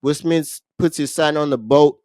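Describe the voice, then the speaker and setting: A man with a somewhat high voice retells a movie plot on a casual podcast, animated and restarting his sentences often. The sound is dry and close. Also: moderate pace, no room sound. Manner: animated storytelling with frequent restarts. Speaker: podcast co-host.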